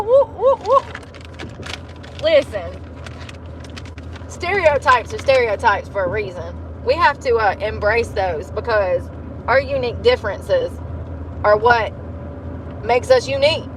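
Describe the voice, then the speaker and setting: A woman's voice: mid-range voice, background noise. A woman, livestreaming casual chat from a parked car, rambling and candid and laughing often. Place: parked car in a parking lot.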